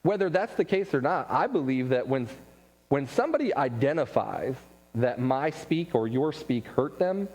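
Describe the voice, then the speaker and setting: Animated man teaching in a church room. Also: on the high side. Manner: animated storytelling, quick asides and laughs. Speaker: Bible class teacher. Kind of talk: casual church class talk. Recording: long hall reverb.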